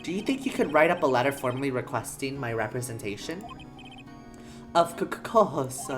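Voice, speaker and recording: An earnest young game lawyer, as a woman reads him out, polite and a little nervous, tripping over a word now and then. The voice sits very low and plain. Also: sing-song, moderate pace, soft background music. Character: earnest young male defense attorney.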